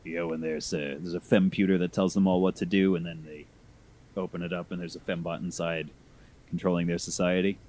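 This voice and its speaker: A man's voice: low voice, a little fast. A man filling in as guest on a casual podcast, riffing with jokes and pop-culture comparisons. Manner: animated, jokey, mimics characters. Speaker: guest co-host. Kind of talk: casual review chat.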